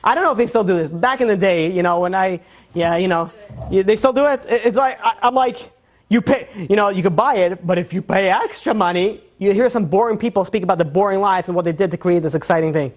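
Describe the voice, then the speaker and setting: A man, a rabbi, giving a casual, animated class, joking and acting out what people say. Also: sits high, fast.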